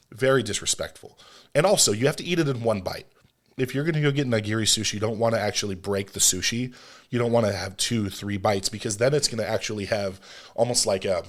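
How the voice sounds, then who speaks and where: A man's voice: lowish voice, fairly bright tone. A man hosting a solo podcast, explaining food etiquette in an emphatic way with scolding asides. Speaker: podcast host.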